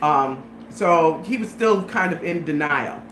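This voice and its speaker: A woman's voice: sits low, unhurried, roomy sound, slight background noise. A woman hosting a casual chat, telling a story with lots of laughter and acted-out voices. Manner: animated storyteller, laughs often, acts out voices. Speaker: host.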